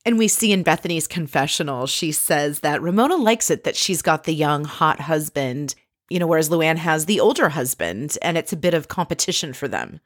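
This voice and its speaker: A woman's voice: deep voice, animated, moderate pace, no echo, clean studio sound. A woman giving a chatty, opinionated recap of a reality TV episode, telling it like a story.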